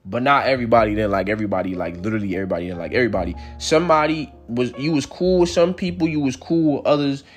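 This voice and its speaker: A young man, telling a casual personal story in slangy, profane speech with big swings in pitch. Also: rapid-fire, few pauses, soft background music.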